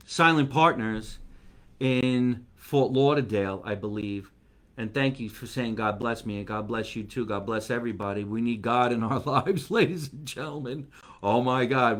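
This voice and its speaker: Chatty comedian man live-streaming. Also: medium pitch. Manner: chatty and rambling, reads viewer comments aloud. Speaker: comedian and show host. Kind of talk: casual live-stream chat with viewers.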